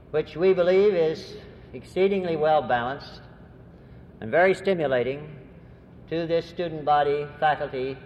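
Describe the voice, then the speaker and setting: A man who is a university president gives a courteous, formal address to a gathering, with the occasional hesitant "uh". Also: fairly high pitch. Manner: measured, courteous, with hesitant fillers. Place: large hall at a symposium. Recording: reverberant hall on a dull, faintly noisy old recording.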